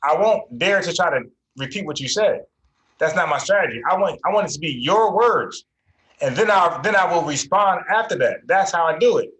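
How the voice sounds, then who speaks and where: A man's voice: fairly high pitch, expressive, normal speed, a bit bright, reverberant, low-quality recording. A man hosting an online debate show, firm and insistent, repeating himself to make a point. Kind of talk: heated debate.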